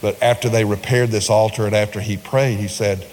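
A man preaching a sermon, telling a Bible story with lively, dramatic delivery. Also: fairly quick, hardly any pauses, slight background noise. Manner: animated storytelling, jumps high when acting out scenes. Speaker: pastor. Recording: reverberant hall.

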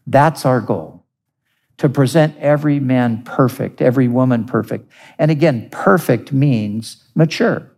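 A man preaching a sermon, earnest and deliberate, stressing key words through repetition. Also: medium pitch, creaky, dark tone. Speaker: pastor.

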